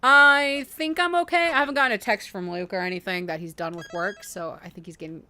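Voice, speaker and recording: Chatty woman streamer, blunt and sweary, bright tone. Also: medium pitch, steady tone, brisk, a little hiss or hum. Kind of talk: casual game stream commentary.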